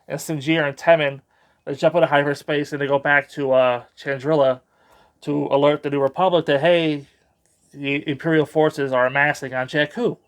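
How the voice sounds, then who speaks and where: A man's voice: a little high, level tone, a little fast. A man giving a casual, rambling spoken book review with a sarcastic edge.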